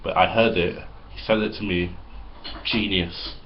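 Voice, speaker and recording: A man's voice: deep voice, steady tone, unhurried. A man hosting a comedic mock interview, casually prompting his guest for stories. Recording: slightly muffled with faint hiss.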